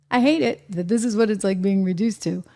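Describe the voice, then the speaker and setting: A woman's voice: medium pitch, normal speed, warm tone. A woman hosting her own show, delivering emphatic, indignant commentary and repeating her points. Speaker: show host. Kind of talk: opinionated commentary.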